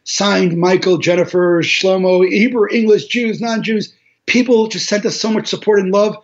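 A man, a charity organizer giving an interview, telling a war story in an animated way, with restarts and laughs. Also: sits high, normal speed. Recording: dull lo-fi audio.

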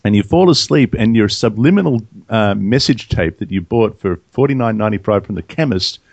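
A man's voice: fairly low pitch, lively intonation, fairly quick, a little mellow. A man co-hosting a Bible discussion, asking questions and making playful asides. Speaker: Bible study co-host. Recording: dull lo-fi dry sound.

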